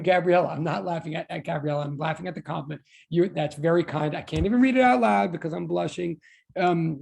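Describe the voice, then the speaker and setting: A man teaching an online physics class, talking in a rambling, self-deprecating way over a computer mic. His voice sits high but sounds dark and mellow, with a gravelly edge. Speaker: physics instructor. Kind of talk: online class greeting students.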